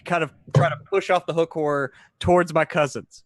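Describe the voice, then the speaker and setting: A man's voice: fairly high pitch, steady tone, brisk, no room sound, clean studio sound. Hesitant man thinking aloud at play. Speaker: player. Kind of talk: casual tabletop play.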